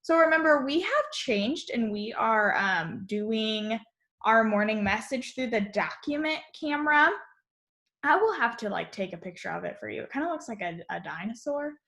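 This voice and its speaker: A young woman teaching young children in a remote lesson, speaking in a slow, sing-song teacher voice. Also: on the high side, animated, fairly bright tone. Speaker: kindergarten teacher.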